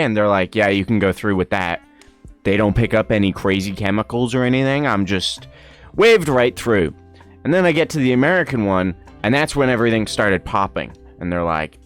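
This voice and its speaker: A young man with a fairly low voice tells a story on his livestream, swearing freely and acting out the other people in it. His delivery is animated, and faint music plays behind him. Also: moderate pace, clean tone. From Ireland. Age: young adult. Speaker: streamer.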